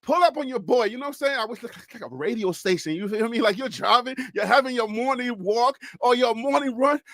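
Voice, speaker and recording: High-voiced Liberian man hyping a stream. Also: no room sound, clean studio sound. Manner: energetic, fast-talking, hyped. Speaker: sports talk show host. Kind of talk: casual live-stream chat with shout-outs.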